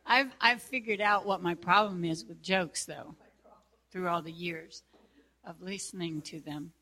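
A woman's voice: on the low side, a little slow, sharp tone. A woman chatting casually and thinking aloud. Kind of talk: casual chat.

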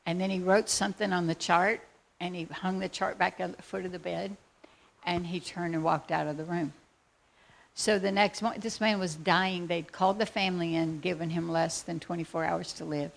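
A woman telling a faith testimony as a lively, excitable story. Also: lowish voice, moderate pace, vocal fry. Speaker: speaker sharing a faith testimony.

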